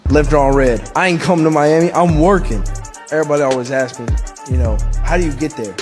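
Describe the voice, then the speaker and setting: A man's voice: on the high side, fast, natural voice. A man playing a boastful male horror villain who rambles and brags in a comedy sketch interview. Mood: bragging. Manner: bragging, rambling. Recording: hip hop music behind.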